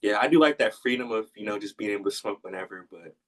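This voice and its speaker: A man's voice: lowish voice, fast. A man interviewing casually in a laid-back, slangy way. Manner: laid-back, slangy, reacts with short fillers. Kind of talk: casual chat. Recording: distant from the mic.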